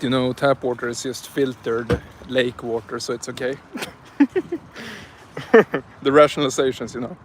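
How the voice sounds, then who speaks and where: A man's voice: mid-range voice, slight background noise. A man chatting and joking with his viewers on a live stream while he drives and then shops, recorded on a handheld phone. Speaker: livestreamer. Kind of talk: casual live-stream chat. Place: car, then inside a large grocery store. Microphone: phone held in hand.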